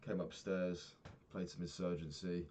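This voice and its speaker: A man's voice: low voice, flat delivery, measured pace, darkish tone. A young man talking through his day in a candid, rambling diary vlog, swearing freely. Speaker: vlogger.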